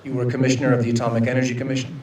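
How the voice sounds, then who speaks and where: An actor playing a male senator questioning a witness at a hearing, in brisk, flat questions. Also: mid-range voice, a little hiss or hum, lightly acted. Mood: probing. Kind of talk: film drama acting. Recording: echoey hearing room, distant mic.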